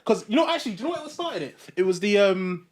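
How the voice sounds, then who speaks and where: A man's voice: high voice, sing-song, quick pace. A young man, co-hosting a casual podcast and speaking reflectively with many fillers. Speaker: podcast co-host. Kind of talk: casual chat.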